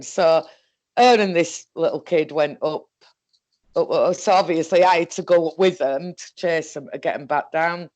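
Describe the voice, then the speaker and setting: A woman with a Northern English accent telling a personal story in a halting, rambling way, correcting herself and restarting as she goes. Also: low voice, a little mellow. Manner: halting, self-correcting, full of fillers and restarts. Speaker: guest recounting a paranormal experience.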